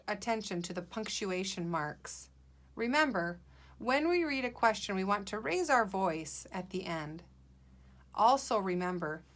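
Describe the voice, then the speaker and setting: Slow, bright-voiced woman teacher. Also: mid-range voice. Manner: slow, clear, encouraging classroom delivery. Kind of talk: guided reading lesson for young children.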